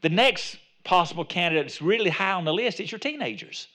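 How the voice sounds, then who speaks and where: Pastor, male, high bright voice; chatty sermon delivery with restarts, builds to emphatic calls. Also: lively intonation, brisk. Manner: conversational preaching, rising to emphatic exhortation; repeats words and restarts phrases.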